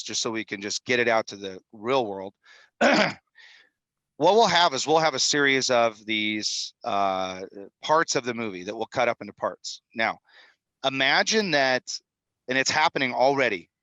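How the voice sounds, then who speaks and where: Upbeat fifty-something man, bright and dry. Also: mid-range voice, no room sound, low-quality recording. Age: 50s. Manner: energetic, salesman-like, rambling. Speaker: guest, film executive producer. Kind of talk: animated podcast interview talk. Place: studio in Utah.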